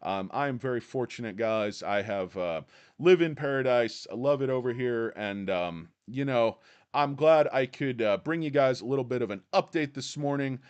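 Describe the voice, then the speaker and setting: A man's voice: medium pitch, expressive, normal speed, a little mellow, clean tone. Male stream host, casual and rambling, crude irreverent jokes between stock updates. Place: his office.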